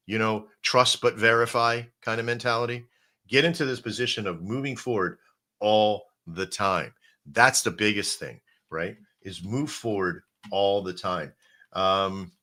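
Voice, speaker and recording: A man's voice: on the low side, moderate pace, pushed and bright. A man hosting a casual crypto livestream, talking straight to his viewers in a rambling, coach-like pep talk with plenty of restarts. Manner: addresses viewers directly as folks and brother. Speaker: crypto stream host.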